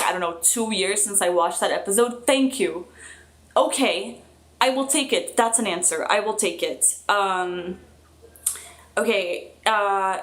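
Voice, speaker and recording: Chatty young woman on a live stream. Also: medium pitch. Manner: chatty and excitable, with lots of fillers and little laughs. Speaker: streamer reading live chat comments. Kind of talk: casual live-stream chat.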